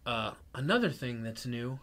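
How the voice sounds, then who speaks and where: A man co-hosting a chatty podcast, laughing easily between sponsor plugs. His voice has a bright, crisp edge. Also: mid-range voice, big pitch swings, normal speed. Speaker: podcast co-host. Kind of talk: casual podcast banter.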